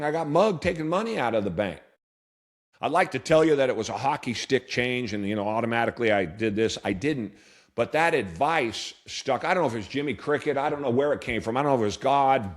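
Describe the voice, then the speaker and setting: A man in his fifties from Portland, Oregon, a business owner telling candid, earnest stories in an interview, often restarting his sentences. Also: mid-range voice. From Portland, Oregon, USA. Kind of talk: reflective storytelling interview answer.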